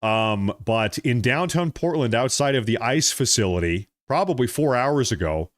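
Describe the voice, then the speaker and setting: Hosting a political livestream, this man talks in an expressive, medium-pitched voice at normal speed, casual and repetitive. He addresses viewers directly as folks and ladies and gentlemen, and the studio sound is clean with no room sound.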